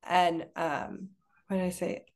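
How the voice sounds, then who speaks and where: A woman's voice: lowish voice, little pitch movement, takes it slowly. Chatty woman in casual conversation. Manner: chatty, many fillers and restarts. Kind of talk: casual chat.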